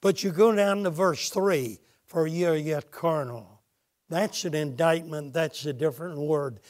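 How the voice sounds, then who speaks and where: Male preacher, slow deliberate delivery, dramatic pauses, storytelling sermon. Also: on the high side. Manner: dramatic pauses, retells stories with acted quotes.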